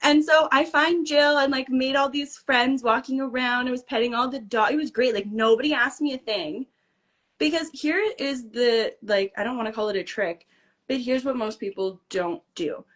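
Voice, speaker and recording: Animated woman guest telling a story. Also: high-pitched, normal speed. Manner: animated, acts out dialogue. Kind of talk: casual storytelling.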